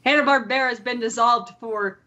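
A woman from Ireland co-hosting a podcast in casual chat, giggly and chatty with quick asides. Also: on the high side, steady tone, sharp tone, lo-fi sound. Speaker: podcast co-host.

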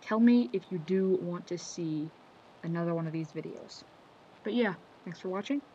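A man's voice: high voice, normal speed, mellow. A man casually talking through a quotes compilation for his video, rambling, losing his train of thought and correcting himself. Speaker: video creator. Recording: slightly dull lo-fi audio with faint background noise.

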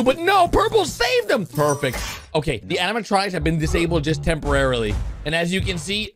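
A man giving excited reaction commentary on animations as a YouTuber, excitable and animated. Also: a little high, background noise. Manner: excitable, animated, repeats "oh no" and "dudes".

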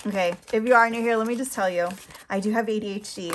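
A woman's voice: mid-range voice, fast, slight background noise. A woman talking casually to her camera as a nail polish vlogger, flustered and rambling, with frequent laughs.

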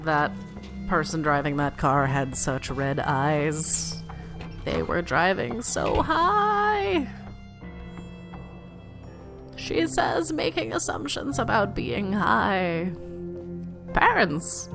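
A woman's voice: fairly low pitch, sing-song, drawn-out words, gravelly, pauses often. A woman playing a video game, reading its dialogue aloud with playful commentary. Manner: playful, reads characters in varied voices. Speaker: let's play gamer. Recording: faint game music behind.

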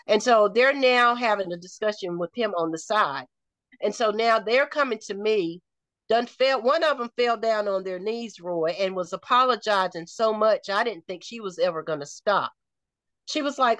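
A woman's voice: mid-range voice, animated, moderate pace, a bit bright, no room sound. A middle-aged woman from North Carolina with a Southern accent, retelling a personal story in conversation and acting out the quoted dialogue. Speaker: interview guest.

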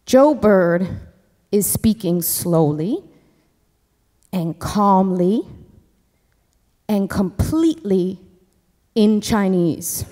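A woman telling a story live on a theater stage, fast and chatty, full of "like" and "you know.". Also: medium pitch, expressive, mellow. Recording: live theater hall reverb, faint music.

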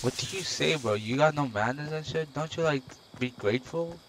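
A man's voice: on the high side, fairly quick. A man streaming a game on a headset mic, chatting casually and teasing his teammate, saying "bro" all the time. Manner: slangy, teasing, says "bro" constantly. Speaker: streamer playing online. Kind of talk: casual gaming chat. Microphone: gaming headset. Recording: loud background noise.

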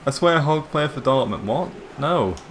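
A young man, chatting excitably while streaming a football game. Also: mid-range voice, normal speed, slight background noise. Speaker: gaming streamer. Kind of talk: live stream gameplay chat.

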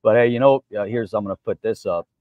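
Low-voiced man, dull dry mic. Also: fast, no echo. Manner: steady commentary with short agreeing replies. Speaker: co-host. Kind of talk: casual chat.

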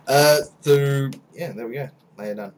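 A man's voice: mid-range voice, unhurried, low-quality recording. A young man rambling through casual game commentary, with lots of fillers and self-mocking asides. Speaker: gaming channel host. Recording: loud background noise, mouse clicks.

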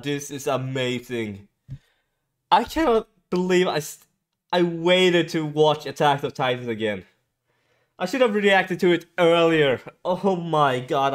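A man hosting an anime reaction video, excitable, with gasps, drawn-out exclamations and stumbling restarts when agitated. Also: on the high side, clean tone. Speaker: anime reaction channel host.

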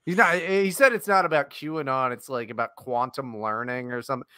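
A man's voice: medium pitch, sharp tone, no room sound, studio quality. A man co-hosting a podcast, rambling and swearing in casual banter and laughing at his own jokes. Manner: rambling, profane, quick to laugh. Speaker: podcast co-host.

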